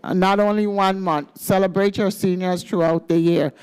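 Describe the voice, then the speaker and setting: A woman's voice: mid-range voice, steady tone, normal speed, a little mellow, clear, resonant tone. A woman with a Virgin Islands accent gives an upbeat, playful speech at a legislative ceremony and leads the crowd in chants. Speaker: government senior services official.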